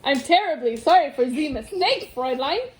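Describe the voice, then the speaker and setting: A woman voicing a high-pitched household computer with a put-on German accent, stiff and overly polite. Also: expressive, moderate pace, roomy sound. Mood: apologetic.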